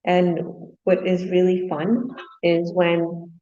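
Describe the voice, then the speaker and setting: A woman's voice: on the low side, monotone, slow pace, echoey room, dull audio. A woman business coach hosting a webinar, heaping on praise and repeating her thanks. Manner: warm praise, laughs, repeats herself.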